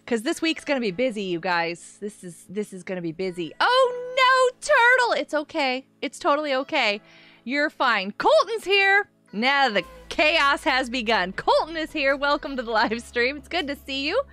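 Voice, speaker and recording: A woman's voice: high voice, animated, moderate pace, pushed and bright, soft background music. A woman chatting casually on a gaming live stream from a carpeted room at home, giggly and laughing often.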